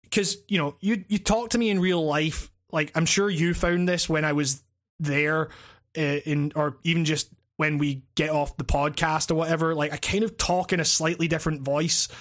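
A man's voice: on the high side, fairly bright tone. A Scottish man co-hosting a podcast in casual chat, rambling with many fillers and restarts, swearing casually. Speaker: podcast co-host and video essayist.

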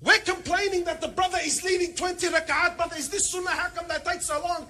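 A man preaching a sermon, animated and joking, firing rhetorical questions and mixing in Arabic phrases. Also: very high-pitched, fast talker. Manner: peppers speech with Arabic phrases. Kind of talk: sermon to a congregation.

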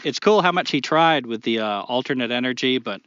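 A man's voice: medium pitch, animated, fairly quick, fairly bright tone, clean tone, no room sound, dull audio. A man co-hosting a podcast in casual chat, blunt and opinionated, swearing freely. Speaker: podcast co-host.

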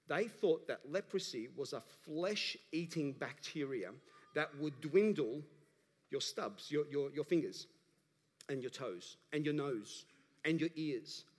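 Pastor preaching in a reverberant hall. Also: male voice, on the high side. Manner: animated, rising to emphatic calls to the congregation. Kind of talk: sermon.

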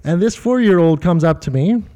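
Man, middle-aged, high voice, sermon, animated storyteller, speaks straight to the congregation. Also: moderate pace. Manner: animated storytelling, quoting others in funny voices, talks directly to the congregation. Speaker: pastor.

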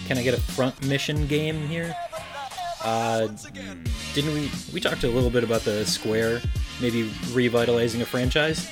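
Male co-host, average pitch, dry teasing delivery, faint music behind. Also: steady tone, normal speed. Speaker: podcast co-host. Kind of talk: casual chat. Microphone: video call.

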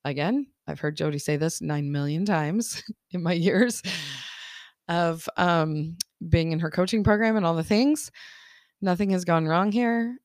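A woman's voice: lowish voice, unhurried, darkish tone, dry recording, clean studio sound. A woman life coach hosting her podcast in a casual, upbeat monologue, laughing often as she acts out people's thoughts.

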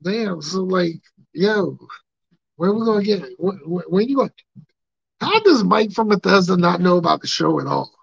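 A man hosting a podcast, joking and rambling loudly in slangy, casual banter with his co-hosts. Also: high voice, animated, moderate pace, creaky, slightly rough, no echo. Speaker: podcast host. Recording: dull lo-fi podcast audio.

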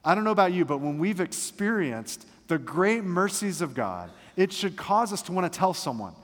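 Male pastor, fervent and emphatic, fairly high voice, big-hall reverb. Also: big pitch swings, normal speed, a bit bright. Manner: fervent, emphatic preaching with humorous asides. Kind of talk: sermon. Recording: long reverb of a large hall.

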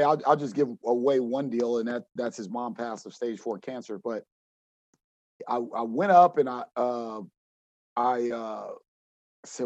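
A man who coaches, telling a story in an interview with animated acted-out quotes and frequent restarts. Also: mid-range voice, normal speed, no echo, lo-fi sound.

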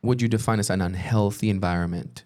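Male podcast host, low voice, encouraging, casual questions, affirming murmurs. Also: fairly even intonation, quick pace, mellow.

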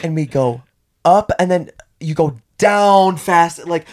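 A man hosting a casual podcast chat, telling stories with animated delivery and frequent laughter. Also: on the high side, slow pace, no echo, clean studio sound. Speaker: podcast host.

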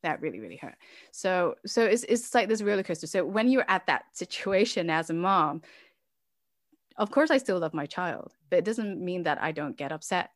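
A woman's voice: fairly low pitch, animated, moderate pace, no echo, studio quality. A woman, an immigrant mother living in Norway, telling a personal story as an interview guest, emotional and laughing at times, with many fillers.

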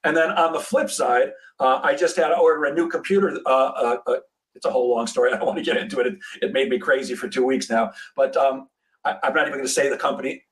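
A man's voice: medium pitch, fast talker, far from the mic. A man hosting an interview in casual chat, telling stories animatedly and acting out what people said. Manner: animated storyteller who acts out quoted dialogue, with frequent restarts. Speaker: podcast host.

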